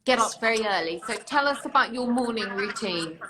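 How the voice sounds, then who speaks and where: A woman's voice: a little high, expressive, a little fast, sharp tone, a little hiss or hum. A British woman from near London hosting a live online interview, reassuring and chatty, thanking viewers by name. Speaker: host.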